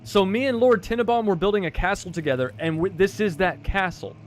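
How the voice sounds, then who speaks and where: A man streaming a horror game, joking and bursting into loud excited outbursts. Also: high voice, a little fast, a little hiss or hum. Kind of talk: live gameplay commentary.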